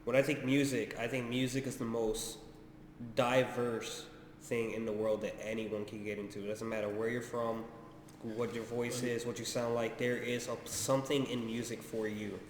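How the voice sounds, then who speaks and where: A man with a mid-range voice shares his opinions in a steady, casual way. The recording is echoey with a long reverb, and faint ambience runs underneath. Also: medium pitch, moderate pace, a little hiss or hum. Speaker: podcast co-host. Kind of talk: casual chat.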